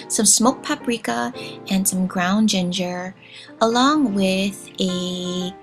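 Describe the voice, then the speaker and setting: A woman from Hawaii hosting a cooking vlog, chatting with viewers in a digressive, friendly way. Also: mid-range voice. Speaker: cooking channel host. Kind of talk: casual cooking vlog chat.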